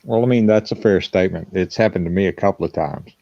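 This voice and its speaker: Man, Virginian Southern accent, deep voice, dry and laid-back, muffled lo-fi audio. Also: fast, vocal fry, dry recording. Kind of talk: casual chat. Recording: dull lo-fi call audio.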